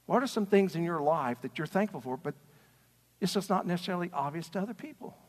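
A man preaching a sermon as a pastor, passionate and swinging between quiet talk and shouting. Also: sits high, expressive, fast, big-room sound. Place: church sanctuary.

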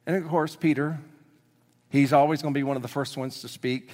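Pastor guy preaching, kinda high voice, big hall echo, gets loud then goes real quiet. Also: normal speed, long pauses. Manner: animated storytelling, swings between loud excitement and hushed emphasis. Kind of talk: sermon. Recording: long reverb of a large hall.

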